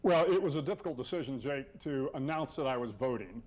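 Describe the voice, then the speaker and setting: A man's voice: mid-range voice, lively intonation, darkish tone. Older man on a dull, lo-fi remote feed. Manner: measured, hesitant, with many fillers. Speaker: retired military officer, interview guest. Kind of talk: TV news interview answers.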